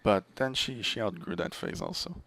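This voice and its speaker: A young man with a Canadian French accent, a French speaker, chatting as a guest on a podcast and telling stories in an animated way. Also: fairly low pitch, moderate pace. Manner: animated storyteller, laughs easily. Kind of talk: casual chat.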